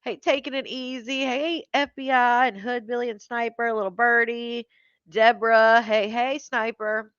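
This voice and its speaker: A woman with a fairly high voice hosts a casual live stream. She chats easily and greets viewers one by one with frequent laughs. The sound is dry and close, a little dull and lo-fi. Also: fairly even intonation, measured pace, fairly bright tone, clear, resonant tone, no echo. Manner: chatty, greets viewers by name, laughs often.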